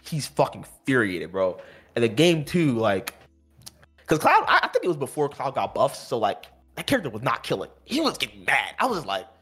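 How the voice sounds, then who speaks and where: A man's voice: medium pitch, huge pitch swings, fairly quick, a bit bright, slightly rough, soft background music. A young man in casual conversation, telling a gaming story in slang, saying "bro" often. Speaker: competitive gamer. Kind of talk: casual chat.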